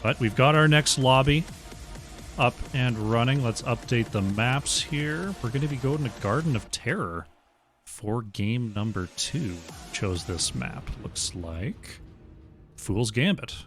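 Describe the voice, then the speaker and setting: A man casting an esports match play-by-play in a measured way, with his voice often dropping quietly at the ends of his phrases. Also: medium pitch, music in the background. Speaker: esports caster.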